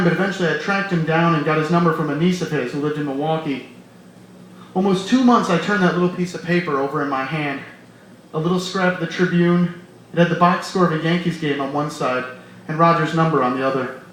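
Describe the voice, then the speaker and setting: A man reading his own novel aloud at a live reading, in measured, quiet first-person narration. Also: on the high side. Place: bar hosting a reading series. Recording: echoey bar room with light noise. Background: faint bar ambience.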